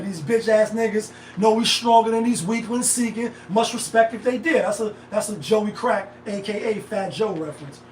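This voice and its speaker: A man's voice: sits high, far from the mic, a little hiss or hum. A middle-aged man hosting a live stream, talking casually in a rambling, slang-heavy way. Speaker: livestream host. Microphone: phone set back from the speaker. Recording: echoey room, voice off-mic.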